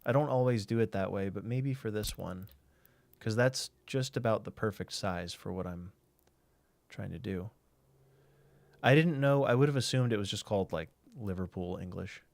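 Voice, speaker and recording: A man's voice: on the low side, moderate pace, gravelly, no room sound. A man streaming a game, chatting casually and thinking aloud while he answers chat.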